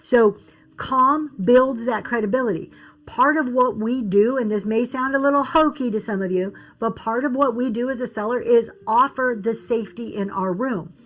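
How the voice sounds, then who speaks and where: A woman's voice: a little high, normal speed, a bit bright. A woman giving casual business advice on a livestream, reading and answering comments from chat. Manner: chatty, reads and answers comments, restarts often.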